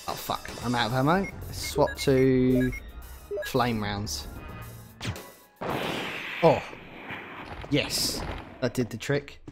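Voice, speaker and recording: A young southern English man rambles and chats while playing a game, swearing freely and talking in a mid-pitched voice. Faint game music sits behind him. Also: very slow, long pauses. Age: young adult. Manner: rambling, chatty, swears often. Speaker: game streamer. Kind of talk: casual gameplay chatter.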